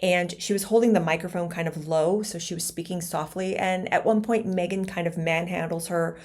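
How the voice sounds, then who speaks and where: A woman's voice: on the low side, steady tone, normal speed, darkish tone. A woman hosting a casual commentary vlog into her own microphone, chatty, gossipy and sarcastic. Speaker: YouTube commentary host. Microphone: personal microphone.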